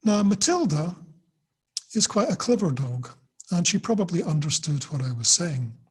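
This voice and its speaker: A man's voice: sits high, big pitch swings, normal speed, slightly rough. A middle-aged man teaching an online class, explaining and telling a personal story with examples. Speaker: teacher trainer.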